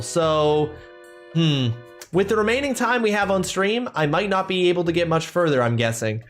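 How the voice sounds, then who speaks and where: This streamer's voice is fairly high and very animated, moving at a moderate pace. Between gameplay segments he cracks jokes and addresses his chat, with game music in the background.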